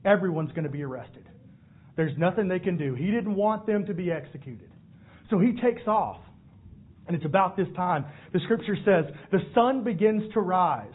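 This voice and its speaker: A male pastor preaching a sermon, telling the story in an animated way and acting out the voices. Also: high voice, normal speed, slightly rough. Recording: phone-like narrow band.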